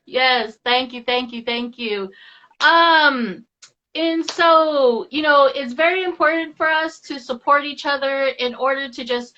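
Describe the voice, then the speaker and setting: A woman's voice: high voice, a little slow, bright, forceful tone. A woman hosting a podcast interview, encouraging her guest in casual conversation. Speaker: podcast host. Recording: dull lo-fi audio.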